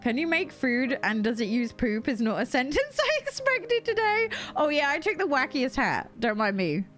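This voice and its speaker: A woman's voice: sits high, lively intonation, normal speed, fairly bright tone, soft background music. A young British woman streaming a cozy game, chatting casually with viewers in a giggly, self-mocking way. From Britain. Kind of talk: casual gameplay chat with chat readers.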